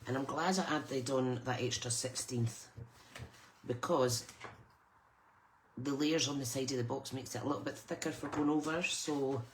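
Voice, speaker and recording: A woman's voice: very deep voice, normal speed, slight background noise. A Scottish woman hosting a live crafting stream, chatting casually and greeting viewers by name as she works. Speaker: crafting channel host.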